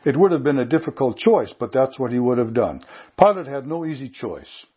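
A man's voice: medium pitch, sing-song, a little fast, breathy edge, highs cut off. A man preaching a sermon in an earnest, emphatic way, repeating his key points. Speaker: pastor.

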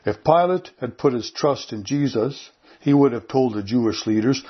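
A man's voice: medium pitch, normal speed, breathy edge, muffled recording. A man preaching a sermon in an earnest, emphatic way, repeating his key points. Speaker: pastor.

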